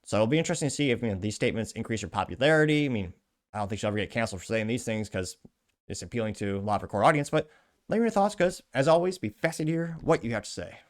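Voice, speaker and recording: A man's voice: medium pitch, racing. Wry male commentary host. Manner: wry, sarcastic asides. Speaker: show host. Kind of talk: commentary reading social media posts.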